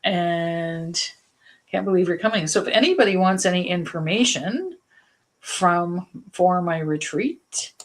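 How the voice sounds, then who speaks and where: Chatty Canadian painting teacher, low voice. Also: female voice, measured pace. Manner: chatty, rambling, laughs often. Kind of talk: casual live painting lesson chat.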